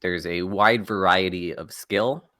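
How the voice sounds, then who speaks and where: A man's voice: sits low, measured pace, bright, forceful tone, no room sound. A laid-back young man and college esports player talking matter-of-factly in casual podcast chat. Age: young adult.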